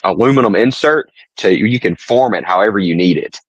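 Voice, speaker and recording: A man with a soft Southern accent, co-hosting a podcast in easygoing, casual chat. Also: fairly low pitch, expressive, brisk, no echo, poor audio. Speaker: podcast co-host.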